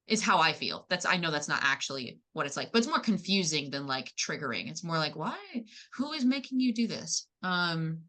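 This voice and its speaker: A woman chatting casually in a group discussion, animated and full of fillers. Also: deep voice. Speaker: panel guest.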